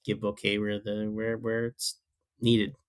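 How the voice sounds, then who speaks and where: A man's voice: on the low side, completely flat delivery, a little slow, clean tone. A man appearing as a podcast guest, chatting casually with hesitant restarts. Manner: hesitant, repeats words while thinking. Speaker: guest, former reality show contestant. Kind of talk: casual chat.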